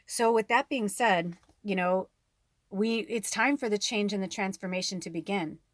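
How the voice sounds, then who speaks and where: A young woman medium chats to her viewers in a loose, rambling way, full of fillers and asides. Her voice sits in a middle pitch and sounds close and dry, with no room around it. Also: normal speed, dry recording. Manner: rambling and chatty, many fillers. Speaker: tarot reader and spiritual medium. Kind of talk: casual spiritual talk to viewers.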